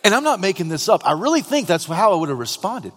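A man preaching a sermon, swinging dramatically from hushed, quiet lines to loud, shouted ones. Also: high-pitched, sing-song, fast. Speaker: pastor. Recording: long hall reverb.

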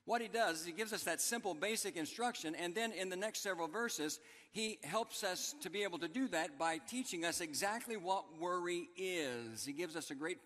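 A man's voice: on the high side, pushed and bright, big-room sound. A man preaching a sermon as pastor, emphatic and repeating his key phrases for the congregation. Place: church sanctuary.

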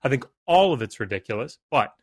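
A man's voice: mid-range voice, animated, a little fast, breathy edge, no room sound, studio quality. A man on a live talk stream who repeats words and restarts sentences while he builds an argument. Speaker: panelist. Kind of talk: casual debate chat.

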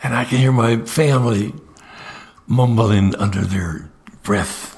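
An older man, an evangelist guest, telling stories in a podcast interview, often repeating the first word of a sentence and jumping up in pitch when he acts out what others said. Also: slow. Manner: lively storyteller, swings into high voices for quotes.

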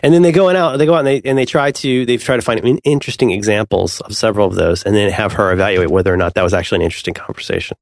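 A man co-hosting a podcast, chatting casually with animated, rambling, playful storytelling. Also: on the low side, racing, hardly any pauses, no room sound. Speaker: podcast co-host. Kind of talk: casual chat.

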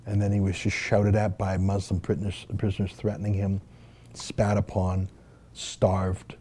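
A man from Canada delivers emphatic, indignant commentary to camera. His voice is very dark and mellow and sits a little low, and he presses his points with rhetorical questions. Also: monotone, moderate pace, slight background noise. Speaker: host and commentator.

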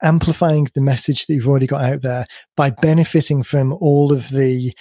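Croaky-voiced man hosting a podcast. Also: mid-range voice, fairly even intonation, fairly quick, warm tone, no echo, studio quality. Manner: emphatic, explains at length. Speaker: podcast host. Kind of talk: conversational podcast discussion.

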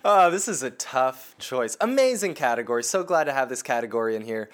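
A man's voice: medium pitch, big pitch swings, fairly quick. A man co-hosting a casual comedic podcast chat, swearing often and laughing as he talks. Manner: profane, laughing, emphatic. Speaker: podcast co-host.

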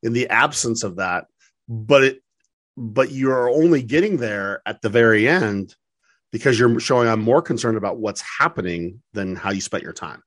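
A man's voice: mid-range voice, animated, moderate pace, fairly bright tone. A man hosting an interview podcast, reacting to his guest with affirming, enthusiastic comments. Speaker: podcast host.

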